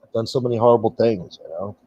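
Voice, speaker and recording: A man's voice: lowish voice, quick pace, mellow, husky, muffled recording. A male livestream host in a casual, profane rant, blunt and sarcastic, swearing often.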